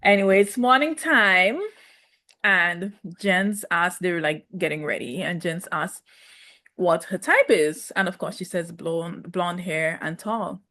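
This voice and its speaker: A woman reviewing a reality show in casual commentary, sassy and animated, laughing often. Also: fairly low pitch, unhurried.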